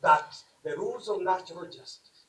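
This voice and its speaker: A man, an advocate making a formal legal submission to a court, with deliberate, emphatic phrasing. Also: high voice, slight background noise. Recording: echoey room, mic at a distance.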